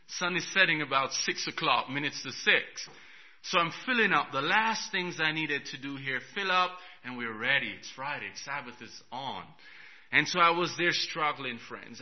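Man preaching on a dull recording. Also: a little high. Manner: storytelling, swings from hushed to loud, chuckles. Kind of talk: sermon with personal story.

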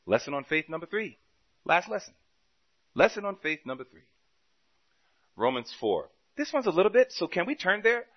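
Preacher guy, animated storytelling, bouncy pitch, muffled lo-fi audio. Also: a little fast. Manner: animated storytelling with dialogue and swings between loud and soft. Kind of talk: sermon.

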